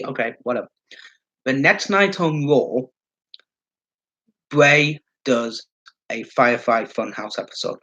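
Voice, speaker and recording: A man's voice: medium pitch, a little slow, a bit bright, highs cut off. A man giving casual solo commentary as a wrestling fan vlogger, rambling and swearing, with lots of fillers.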